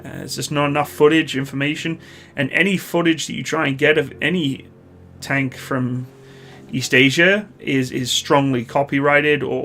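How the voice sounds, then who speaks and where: A Canadian man, likely in his thirties, hosting a live stream, reading viewer questions and answering in a relaxed, rambling way with many pauses. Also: medium pitch, a little hiss or hum. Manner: relaxed, chatty, hesitant with many uhs.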